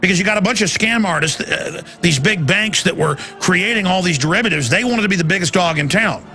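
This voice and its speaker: Gravelly, fired-up male radio host. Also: high voice, a little fast, faint music behind. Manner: intense, rambling, rising to loud excited peaks. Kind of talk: ranting talk radio monologue.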